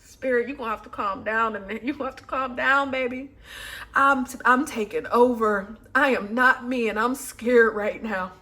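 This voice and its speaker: A woman giving a casual pick-a-pile tarot reading to her viewers, talking in slang and swearing, swinging from loud and emotional to soft and soothing. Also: a little high, normal speed. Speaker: tarot reader.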